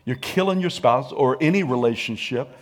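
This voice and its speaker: Husky-voiced energetic preacher man. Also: mid-range voice, normal speed. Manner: energetic, colloquial, calls for audience response. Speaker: pastor. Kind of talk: sermon.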